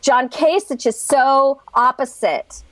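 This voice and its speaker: A woman guest expert gives animated interview talk, chatting enthusiastically and acting out little quotes as she explains. Her voice is high, slow and a bit bright, with no echo.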